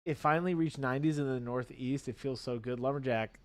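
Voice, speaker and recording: A man's voice: medium pitch, brisk, no room sound. A man co-hosting a hobby painting livestream, teasing his co-host and laughing often, with playful announcer bits. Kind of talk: casual banter on a painting livestream.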